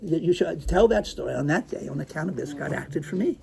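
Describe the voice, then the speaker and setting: Male Torah teacher with a rough, gravelly voice who acts out anecdotes and swings his pitch widely. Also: fairly quick. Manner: animated, swings from hushed to excited; sprinkles Hebrew terms. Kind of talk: lecture with acted storytelling.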